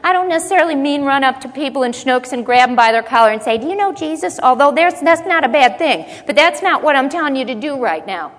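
A woman's voice: animated, fast talker, few pauses. Woman preacher with hall reverb. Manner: repeats phrases for emphasis, acts out muttering in a low voice. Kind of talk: sermon.

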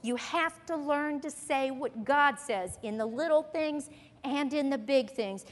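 A woman's voice: high-pitched, a little slow. A woman teaching a Bible lesson in a sermon style, earnest and emphatic as she quotes scripture. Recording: long hall reverb.

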